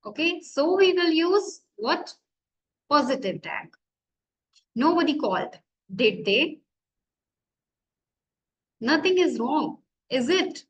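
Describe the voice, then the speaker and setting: Slow high-voiced Indian woman lecturing. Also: big pitch swings, low-quality recording. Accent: Indian English. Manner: explains slowly, asks and answers her own questions. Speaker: college lecturer. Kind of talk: classroom grammar lecture.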